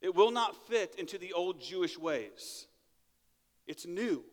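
A man's voice: high voice, sing-song, unhurried. Man preaching in a reverberant church hall. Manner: conversational preaching, asks "right?" often. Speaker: pastor. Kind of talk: sermon. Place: church sanctuary.

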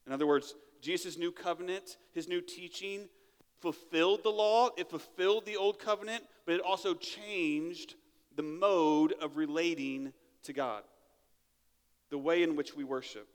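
A man's voice: a little high, unhurried, long reverb tail. A man preaching a sermon in a church, talking in a conversational way and often checking in with "right?". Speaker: pastor. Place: church sanctuary.

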